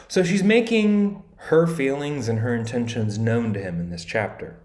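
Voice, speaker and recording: A man's voice: medium pitch, moderate pace, few pauses, a little mellow. Man explaining a classic novel conversationally, slangy paraphrase, roomy echo on the voice. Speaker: literature explainer. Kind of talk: casual chapter summary with read-aloud quotes. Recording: echoey room.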